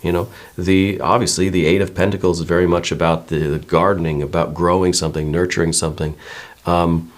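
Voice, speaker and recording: A man with a very low voice gives a slow, gentle tarot reading. He muses and meanders, hedging his guesses and checking in with viewers as he goes. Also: little pitch movement. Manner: musing and meandering, many hedges and repeated "right?". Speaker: tarot reader.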